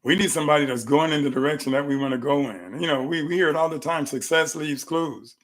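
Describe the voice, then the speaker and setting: A middle-aged man hosting a live health talk from his clinic room, telling animated stories and repeating phrases for emphasis. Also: on the high side, fast.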